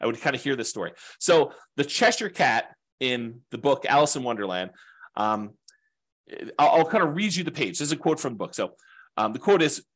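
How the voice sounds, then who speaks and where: Man, investing instructor, casual lecture, rambling asides, average pitch. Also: very animated, normal speed, a bit bright. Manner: conversational and rambling, with frequent fillers and asides. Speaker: real estate investing instructor. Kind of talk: informal class lecture.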